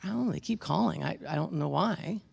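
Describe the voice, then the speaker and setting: A pastor preaching a sermon, shifting between emphatic exhortation and quiet storytelling, speaking to the congregation by name. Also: medium pitch, lively intonation, fairly quick, creaky, slightly rough. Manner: addresses congregation members by name, with wry asides.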